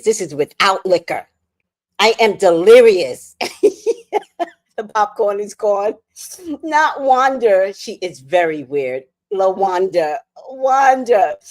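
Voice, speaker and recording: A woman's voice: mid-range voice, a little mellow. A woman hosting a casual late-night livestream, talking profanely, laughing often and reading viewer comments aloud. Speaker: livestream host.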